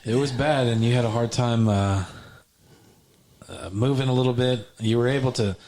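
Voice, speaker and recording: A man's voice: mid-range voice, moderate pace, darkish tone. A man co-hosting a podcast, chatting in an easygoing way and often repeating words. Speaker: podcast co-host. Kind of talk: casual chat.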